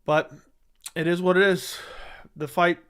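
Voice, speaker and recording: A man's voice: high-pitched, flat delivery, a little slow, fairly bright tone, clean tone. A man hosting a casual MMA livestream from a home setup, reading viewer comments and answering them in a defensive, argumentative way that repeats its points. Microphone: studio dynamic mic.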